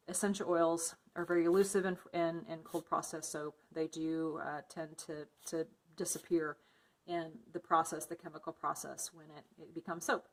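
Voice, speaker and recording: A woman casually narrating a soap-making tutorial, explaining each step with frequent fillers. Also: deep voice. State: muffled by a face mask. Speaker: soap maker.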